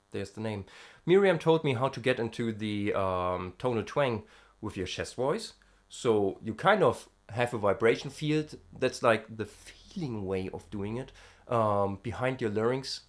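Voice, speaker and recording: A man's voice: lowish voice, lively intonation, unhurried. A man from Europe talking casually and hesitantly about vocal technique, with many fillers, breaking into short sound demonstrations. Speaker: vocal student vlogger. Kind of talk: casual singing-lesson vlog.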